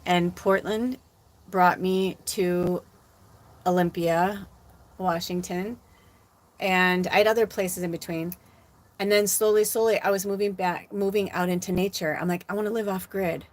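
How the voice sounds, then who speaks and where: A woman in her forties from Illinois talks casually to her stream audience as a spiritual medium. Her voice sits a little low, but she jumps way up in pitch when she acts out her own reactions. She swears freely and tells her life story as a lively tale. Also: measured pace. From Illinois, USA. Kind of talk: casual live-stream talk.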